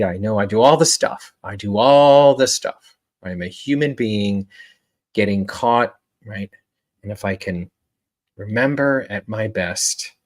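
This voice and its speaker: A man coaching in a relaxed motivational talk, reflective, with many fillers and restarts. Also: fairly low pitch.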